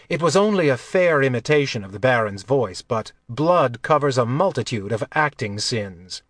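A man narrating an audiobook with a measured, even delivery on a close mic. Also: mid-range voice, dry recording.

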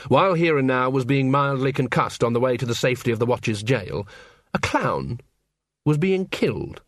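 A male audiobook narrator tells a story through scripted narration, reading wryly and expressively. Medium in pitch and moderate in pace, his voice comes through clean studio audio without room sound.

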